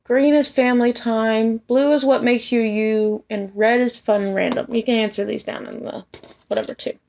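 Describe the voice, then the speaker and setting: A woman vlogger chatting casually to camera, soft and hesitant, tired after work. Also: fairly high pitch, steady tone, normal speed, gravelly. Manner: soft, hesitant, with many restarts and fillers. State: tired, yawning. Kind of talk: casual personal chat to camera.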